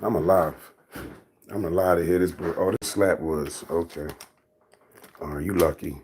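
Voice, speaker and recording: A man's voice: deep voice, steady tone, moderate pace, a little mellow, a little hiss or hum. A man on a casual livestream, reading and answering his chat in a teasing, mocking way, laughing often.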